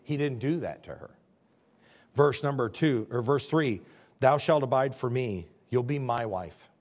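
A male pastor preaching a sermon with passion, dropping to quiet then rising to shouts, often repeating words as he builds. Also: mid-range voice, measured pace. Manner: repeats words when fired up.

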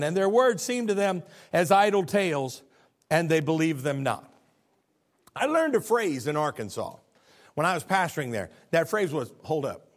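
A middle-aged male pastor preaching a sermon, animated, acting out biblical figures as he goes. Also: fairly high pitch.

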